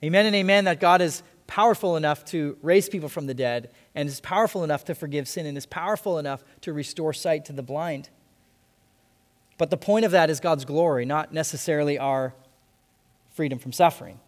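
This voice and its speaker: A man preaching a sermon as pastor, earnest, repeating key phrases and slowing down to stress them. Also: fairly high pitch. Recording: long hall reverb.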